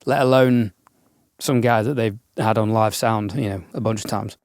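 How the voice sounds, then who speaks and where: Measured, reflective man on a dry mic. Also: on the low side, darkish tone, no echo. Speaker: podcast co-host, audio engineer. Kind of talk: casual podcast chat.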